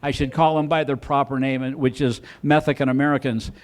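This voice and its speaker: A man's voice: mid-range voice, flat delivery, fairly quick. A man doing stand-up comedy on a club stage, rambling through his stories with repeated "and, and" restarts. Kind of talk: stand-up storytelling.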